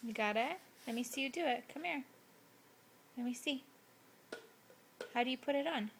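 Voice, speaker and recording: A woman's voice: high-pitched, moderate pace, vocal fry, a little hiss or hum. A mother at home talking to her toddler in a coaxing, sing-song voice. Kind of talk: casual talk to a toddler. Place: at home indoors.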